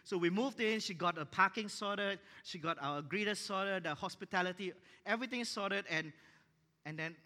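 Man pastor, animated sermon storyteller, bright voice, long reverb of a church hall. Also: sits high, normal speed. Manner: animated, acts out dialogue in his stories.

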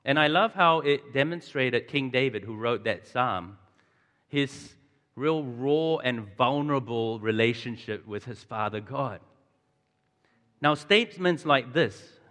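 New man, 30s, conversational preacher, bright forceful tone, long hall reverb. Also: mid-range voice. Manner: chatty, audience questions, frequent chuckles. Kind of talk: conversational sermon. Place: large church hall.

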